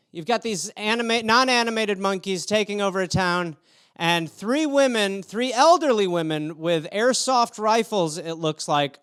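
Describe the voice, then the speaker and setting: A man with a high, smooth voice riffs through a solo comedy podcast. He talks profanely and rambles from one absurd scenario to the next. The sound is close and dry, with no room echo. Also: fairly bright tone. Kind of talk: solo comedic riffing on news stories. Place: home room.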